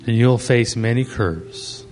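Pastor preaching with faint music behind. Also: male voice, medium pitch, slow pace, a little mellow. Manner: preaching to young people with questions and stories. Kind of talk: sermon.

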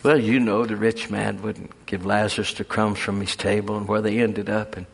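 A man preaching a folksy, animated sermon full of storytelling and chuckles. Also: fairly low pitch, moderate pace, vocal fry, breathy edge.

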